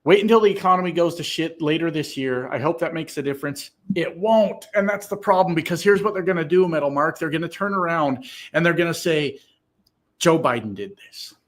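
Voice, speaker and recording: A man with a fairly high, brisk voice runs a laid-back political livestream. He answers the comments he reads out with swearing and emphasis that build into loud excitement.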